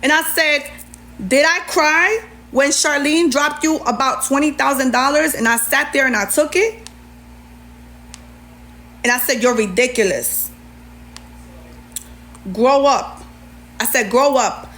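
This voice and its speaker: A woman in her thirties rants heatedly on a livestream, retelling a feud with sharp sass. Her voice sits a little higher than most. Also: a little slow, pauses often. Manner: heated, sassy, retelling an argument. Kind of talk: livestream rant.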